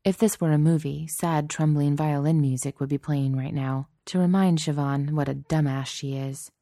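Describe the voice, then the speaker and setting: A woman narrating a story in a steady, measured, softly expressive way. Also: sits low, no room sound, studio quality. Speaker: audiobook narrator.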